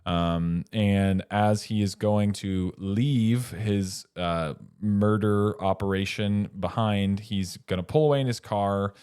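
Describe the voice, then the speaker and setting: A man's voice: on the low side, slow pace, hardly any pauses, darkish tone, clear, resonant tone, no room sound, clean studio sound. A man co-hosting a casual film podcast, rambling through the plot with self-interruptions and chuckling asides. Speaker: podcast co-host.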